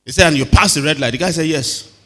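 A man's voice: on the high side, fast, pushed and bright. A man preaching a sermon, often calling on the congregation to answer him. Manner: calls to the congregation for responses. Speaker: pastor. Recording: long hall reverb.

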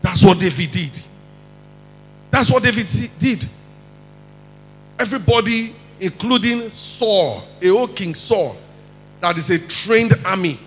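A man with a Nigerian accent preaching a lively sermon, acting out quotes and mixing in pidgin. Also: sits high, measured pace, long pauses, long reverb tail, a little hiss or hum, low-quality recording. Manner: animated, mixes in pidgin, acts out quotes.

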